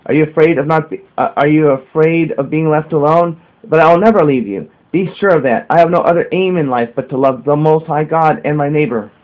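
A man reading a gentle loving teacher, tinny. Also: fairly high pitch, close to an everyday voice. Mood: reassuring. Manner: earnest, measured reading. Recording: narrow phone-like sound.

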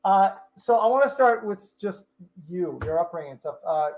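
A middle-aged man with a fairly high voice hosts a relaxed interview over a video call. He sounds eager and laughs often. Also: moderate pace, rough recording. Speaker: host. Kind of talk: casual interview chat.

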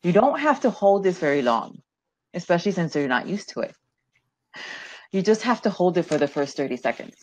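A woman with a low-set voice teaches a business webinar over a video call, lively and quick to laugh. The sound is dull and lo-fi, and it is dry and close with no room around it. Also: dry recording. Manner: lively, laughs often, repeats words while talking.

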